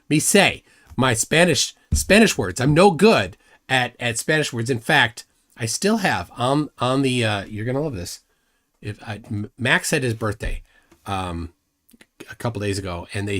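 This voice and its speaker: A man's voice: medium pitch, a bit bright. Rambling man hosting a live stream. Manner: rambling, self-deprecating, many restarts. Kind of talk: casual live commentary.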